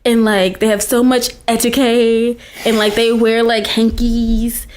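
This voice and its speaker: A woman's voice: a little high, little pitch movement, unhurried, a little mellow, a little hiss or hum. A woman in her twenties, a podcast guest in casual chat, giggly and full of likes. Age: 20s. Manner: giggly, uses many likes.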